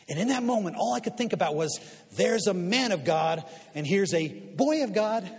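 A man in his fifties speaking to a live audience, an animated storyteller who swings from quiet asides to loud punchlines. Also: fairly high pitch, normal speed, husky. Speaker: guest speaker and media commentator. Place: large hall before an audience. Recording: long reverb of a large hall.

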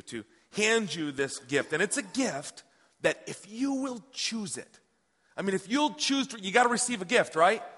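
High-voiced bright preacher in a hall. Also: male voice. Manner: storytelling, swings from hushed to excited. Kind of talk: sermon with personal story. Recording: long hall reverb.

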